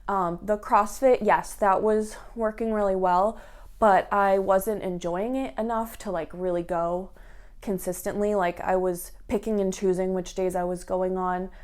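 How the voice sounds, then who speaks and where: A woman's voice: medium pitch, steady tone, a little slow, a little mellow, clear, resonant tone. Chatty young woman vlogging, many fillers. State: tearful at moments. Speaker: fitness vlogger. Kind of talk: personal vlog talk.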